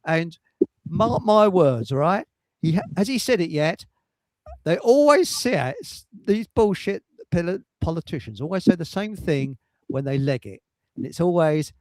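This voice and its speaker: A man's voice: a little high, lively intonation, normal speed, darkish tone, no echo, poor audio. A man hosting a livestream chat show, rambling and cheeky, swearing and laughing at his own jokes. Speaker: livestream host. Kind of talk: casual chat.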